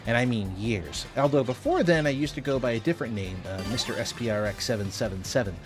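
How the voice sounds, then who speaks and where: A man giving casual gameplay commentary as a streamer, animated and chatty. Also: mid-range voice, quick pace, over music. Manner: animated, puts on goofy voices when reading dialogue.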